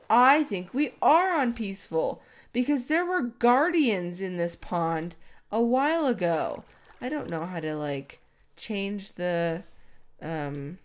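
A woman gaming YouTuber chatting casually and rambling over Minecraft gameplay, laughing at herself often. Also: fairly high pitch. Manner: rambling, self-deprecating, with frequent laughs.

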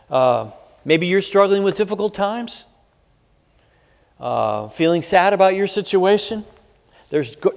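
A man's voice: fairly high pitch, vocal fry, a little mellow. Man preaching in a reverberant hall. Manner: measured preaching with frequent "uh" fillers, reading scripture aloud. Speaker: pastor. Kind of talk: sermon.

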